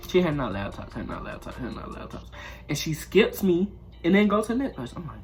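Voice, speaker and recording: A man's voice: on the high side, fairly quick. Male storytime vlogger, casual slangy delivery, swears freely, faint music bed. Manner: animated, swears freely, acts out quotes.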